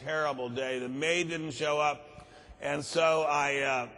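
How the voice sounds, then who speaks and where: A man voicing a distressed housewife who recounts her troubles slowly and anxiously. The voice is a touch high. The sound carries a long hall reverb. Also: fairly even intonation, sharp tone. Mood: fretful. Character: upset suburban housewife, fretful.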